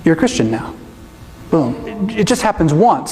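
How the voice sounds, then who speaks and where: A man's voice: fairly high pitch, big pitch swings, normal speed, warm tone, slight background noise. A man who is a pastor, giving an emphatic teaching presentation to a congregation and asking many rhetorical questions. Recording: echoey hall reverb.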